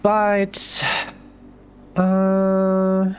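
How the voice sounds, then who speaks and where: A woman's voice: medium pitch, completely flat delivery, extremely slow, clean tone. A woman streaming a puzzle game, talking through her moves in loose, casual commentary and restarting her sentences often. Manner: thinks aloud, restarts sentences, swears casually.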